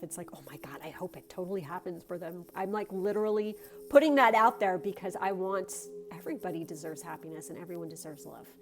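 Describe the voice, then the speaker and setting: Effusive woman giving a tarot reading. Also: mid-range voice. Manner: gushing and encouraging, with casual swearing; switches between reading card text aloud and chatty asides. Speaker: tarot reader. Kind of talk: casual pick-a-card tarot reading.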